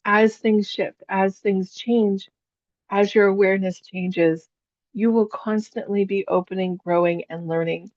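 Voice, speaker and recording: A woman's voice: mid-range voice, fairly even intonation, a little slow, darkish tone, no room sound, highs cut off. A woman psychic teaching a spiritual class in a chatty storytelling way, laughing often.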